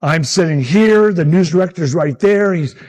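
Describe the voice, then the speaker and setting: A man in his sixties, a meteorologist telling animated stories about his early career and acting out the people he quotes. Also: a little high, moderate pace. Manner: animated anecdotes, acts out quotes. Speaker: meteorologist speaker at a summit. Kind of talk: storytelling talk.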